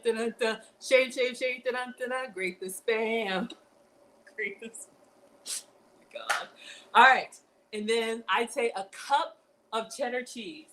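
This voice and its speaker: On a rough recording with faint hiss or hum, a cooking show host speaks in a fairly high, pushed, bright voice. She's running a laid-back livestream, cooking while chatting away to "y'all," and keeps flustering herself with reminders to focus.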